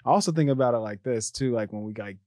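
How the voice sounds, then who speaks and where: A young man co-hosting a podcast in casual chat, loose and reflective, full of fillers, often laughing and trailing off quietly. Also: medium pitch, fast talker, no room sound, clean studio sound. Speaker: podcast co-host.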